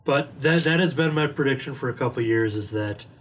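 A man's voice: medium pitch, a little fast. A man chatting casually about movies on a podcast, rambling with lots of "like" fillers. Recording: distant mic with faint noise.

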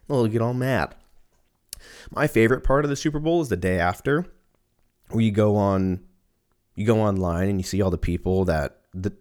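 Young man, low-pitched, casual solo talk, profane, rambling. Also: a little mellow.

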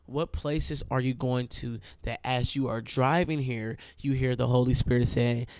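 A man's voice: mid-range voice, fairly even intonation, a little slow, hardly any pauses, darkish tone, dry recording, studio quality. A man preaching a sermon in a conversational way, calling his listeners y'all, with an itchy throat.

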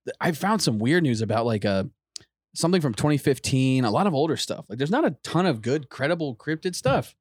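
A man's voice: medium pitch, sing-song, fairly quick, no room sound, studio quality. A young man casually telling stories on a podcast, rambling and laughing often. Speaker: podcast host. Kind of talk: casual chat, storytelling.

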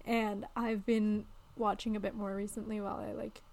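A woman's voice: medium pitch, level tone, moderate pace, darkish tone. A young woman co-hosting a podcast, chatting casually, laughing often and filling her talk with "like" and "um". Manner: chatty, laughs often, many likes and ums. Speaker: podcast co-host. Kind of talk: casual chat.

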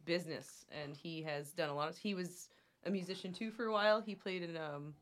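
A woman's voice: on the low side, fairly quick. Chatty young woman telling a story. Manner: chatty, many "like" fillers. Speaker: podcast guest, athlete. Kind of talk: casual chat.

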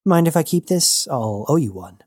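A man voicing a deadpan, sarcastic woman bounty hunter. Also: a little high, moderate pace, no room sound, studio quality, pitched above the performer's own voice.

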